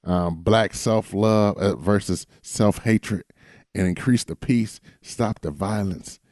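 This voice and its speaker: A man's voice: fairly low pitch, slow, darkish tone, no echo, clean studio sound. A man co-hosting a podcast in casual chat, laid-back and blunt. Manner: laid-back, blunt, calls people baby. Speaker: podcast co-host.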